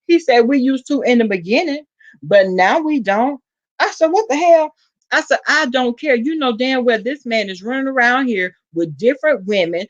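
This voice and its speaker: Animated Southern woman spilling gossip. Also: normal speed, dull audio. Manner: animated gossip, acts out quotes with big pitch jumps. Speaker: vlogger. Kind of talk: casual storytelling to viewers.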